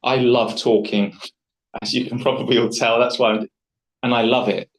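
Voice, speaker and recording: A man of middle pitch leads a public speaking workshop, talking to a group in a room. He is chatty and enthusiastic and often rambles, restarting his sentences as he goes. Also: little pitch movement, moderate pace, rough recording. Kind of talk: live workshop talk to a group.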